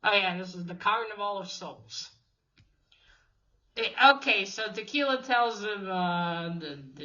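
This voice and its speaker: A woman's voice: mid-range voice, sharp tone, highs cut off. A woman casually recapping a comic issue in a rambling way, swearing freely and restarting her sentences often. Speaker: comic review host.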